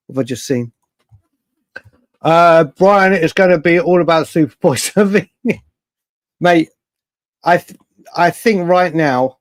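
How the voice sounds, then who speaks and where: A man's voice: on the high side, no room sound, clean studio sound. A man hosting a late-night live stream, chatting casually, reading viewer comments and reacting to them in a rambling way. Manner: chatty, rambling, restarts often, reacts to chat. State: hiccups. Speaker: livestream host.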